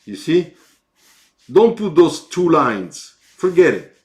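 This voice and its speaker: A man with an Italian accent giving live feedback on car sketches, slow and halting, with encouraging asides. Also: on the high side, big pitch swings, darkish tone.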